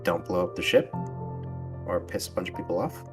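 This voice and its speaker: A man's voice: low-pitched, expressive, fairly quick. A man voicing a stern woman who gives a crew member blunt orders, in a tabletop game. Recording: distant mic with music behind.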